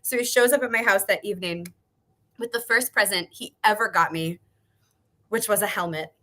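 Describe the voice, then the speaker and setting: On a video call, an author in her thirties shares a story as a guest in lively, animated conversation. She speaks at a moderate pace with a medium-pitched, bright, forceful voice, laughing a lot and swearing as she acts out what people said.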